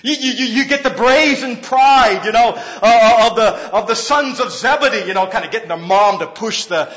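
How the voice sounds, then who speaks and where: A man preaching a sermon in an emphatic, conversational way, swinging between loud, pressing lines and hushed ones, with frequent fillers. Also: very high voice, normal speed, big-room sound, highs cut off. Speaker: pastor.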